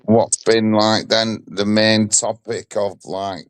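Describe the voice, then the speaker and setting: A man with a lowish voice asking unhurried questions to keep the chat moving. The sound is dry, with no room echo. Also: flat delivery, smooth. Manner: slow, prompting questions. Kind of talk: casual chat.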